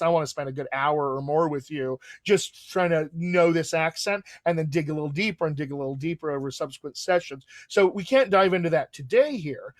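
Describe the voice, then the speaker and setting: Host: enthusiastic American man, dialect coach, a touch high-pitched, dry close mic. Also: dry recording. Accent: General American. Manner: enthusiastic, talks in restarts. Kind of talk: live Q&A chat.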